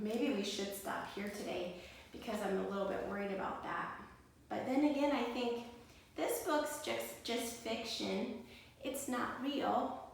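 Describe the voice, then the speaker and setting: Slow, gentle preschool teacher reading aloud. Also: female voice, medium pitch, vocal fry, a little hiss or hum. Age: adult, mother. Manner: gentle, expressive, addressing children. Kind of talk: read-aloud storytelling for children. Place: indoor room at home. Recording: echoey room, mic far off.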